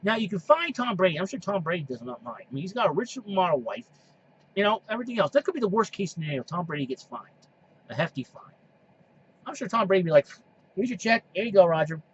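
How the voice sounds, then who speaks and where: A high-voiced man hosts a solo podcast, his pitch swinging up and down. He rambles, stumbles over his words and repeats himself, and heats up into scolding rants at rival fans. The recording sounds muffled and lo-fi. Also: very animated, fast, slight background noise. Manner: heated ranting, scolds opposing fans. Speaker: podcast host. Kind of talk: solo sports and wrestling podcast monologue. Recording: dull lo-fi recording.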